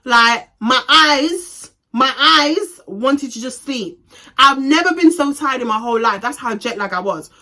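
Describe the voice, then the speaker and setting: A young woman telling a storytime on her vlog in a casual, animated, slangy way with plenty of swearing. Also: high-pitched, unhurried. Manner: animated, profane, slangy retelling. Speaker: vlogger.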